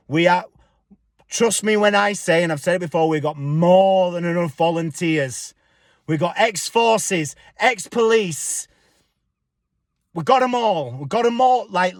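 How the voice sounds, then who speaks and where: A young man talks straight to his viewers in a high voice, blunt and defiant, with plenty of swearing. The sound is dry, with no room echo. He delivers a loose, casual rant. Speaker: spiritual vlogger. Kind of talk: casual ranting monologue.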